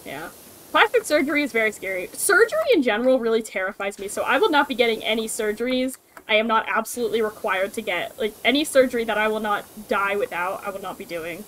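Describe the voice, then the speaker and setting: Young woman streamer, slightly high pitch, loose casual chatter full of swearing, faint background hiss. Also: animated, fast talker, a bit bright, poor audio. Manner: chatty, swearing, laughs often. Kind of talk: casual chat while gaming.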